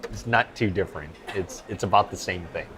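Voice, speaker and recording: A man co-hosting a podcast, chatting over lunch in a halting way with many repeats. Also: low-pitched, noisy background. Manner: hesitant, repeats words and fillers. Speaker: podcast co-host. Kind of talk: casual chat over lunch. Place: busy restaurant. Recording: restaurant crowd chatter behind.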